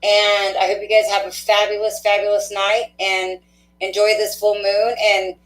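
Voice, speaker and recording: A woman hosting a spiritual card-reading livestream, chatting warmly and laughing often, with a stuffy nose. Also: medium pitch, flat delivery, moderate pace, soft background music. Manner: affectionate, chatty, laughs often, many fillers. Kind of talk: casual livestream sign-off chat. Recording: echoey room.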